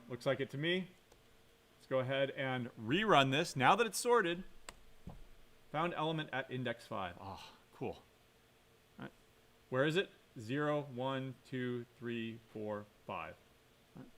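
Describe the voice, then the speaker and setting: A man's voice: mid-range voice, fairly bright tone. A man giving a computer science lecture while coding, thinking aloud, quizzing the class and correcting himself.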